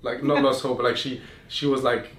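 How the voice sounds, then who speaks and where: This podcast host's voice sits at medium pitch with little movement, a bit bright and a little quick. Chatting casually, he tells explicit stories frankly, often using fillers and starting over. The mic is distant, the room echoes, and faint noise is present.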